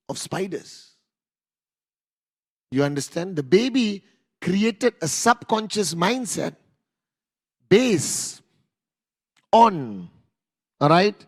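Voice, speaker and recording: A man giving a motivational talk to an audience, telling animated stories, acting out scenes and asking the crowd questions. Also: sits high. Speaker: motivational speaker.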